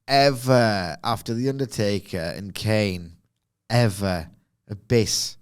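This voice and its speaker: A man in casual podcast chat, ranting with animated asides and laughs. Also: fairly low pitch, slow pace, clean tone. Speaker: wrestling podcast co-host.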